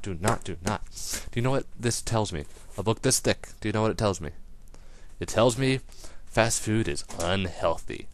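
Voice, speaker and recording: A man's voice: on the low side, slight background noise. A teenage man hosting his own webcast, ranting in a silly, jokey way and wandering off on tangents, his voice still not fully recovered. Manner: silly and animated, goes off on tangents. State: partly lost voice, recovering. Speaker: webcast host. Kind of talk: comedic rant vlog.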